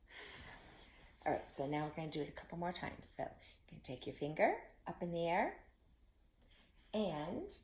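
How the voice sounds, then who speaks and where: Slow, sing-song woman teaching kids. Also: low-pitched. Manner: slow, deliberate, repeating each step for kids to echo. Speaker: children's teacher. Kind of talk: children's phonics lesson.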